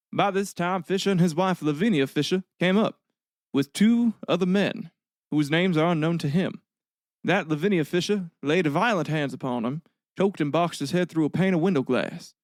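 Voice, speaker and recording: A man's voice: a little high, no echo, clean studio sound, natural voice. A man putting on a Southern drawl for a witness. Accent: Southern US, put on. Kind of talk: dramatic reading of an old affidavit.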